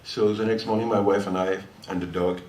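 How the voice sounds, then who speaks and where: Speaking a little fast in a low, steady, slightly mellow voice, an older Frenchman with a French accent fills the gap between songs with a rambling anecdote. The guitarist is chatty and laughs a lot while telling it. The recording of the listening hall and its live audience is distant, roomy, and faintly noisy.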